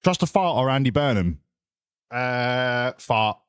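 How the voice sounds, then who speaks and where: A man's voice: medium pitch, lively intonation, slow, clear, resonant tone, no echo, clean studio sound. Sarcastic, sweary male streamer. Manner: sarcastic, sweary, mock-lecturing rants. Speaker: streamer chatting with viewers. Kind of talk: casual live-stream chat.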